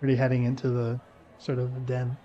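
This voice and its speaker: A man's voice: medium pitch, completely flat delivery, fast talker, dark tone, highs cut off. A man narrating a tabletop game as game master, loose and rambling with lots of likes and ums.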